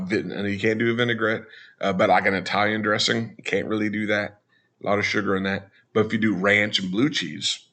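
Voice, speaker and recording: A man's voice: on the low side, creaky, fairly bright tone, husky. A man talking casually over a walkthrough as a travel vlogger, chatty, with joking asides.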